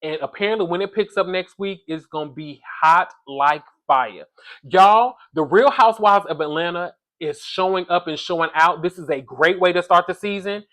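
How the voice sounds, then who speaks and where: A man with a fairly high voice recapping reality TV in a loose, gossipy way. He talks straight to his viewers like they're friends, chatty and animated in his opinions. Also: normal speed. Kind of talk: casual recap commentary.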